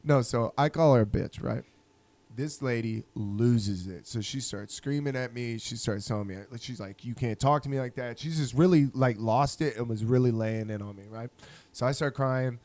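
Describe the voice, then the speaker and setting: Laughing, animated male podcast storyteller. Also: mid-range voice, normal speed, no room sound. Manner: animated storyteller, swears freely and laughs often. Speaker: podcast co-host. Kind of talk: casual storytelling chat.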